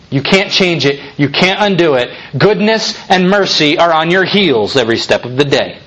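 A man's voice: a little high, animated, normal speed, hardly any pauses, pushed and bright. A male pastor preaching a sermon, emphatic and full of rhetorical questions, building to fervent peaks.

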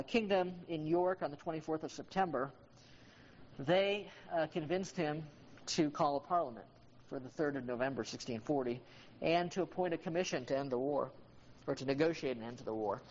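A teacher talks through a history lesson in a classroom, relaxed and chatty, with plenty of ums and uhs and the odd remark to a student by name. The voice is mid-pitched, and the lo-fi recording is dull, carrying a faint hiss.

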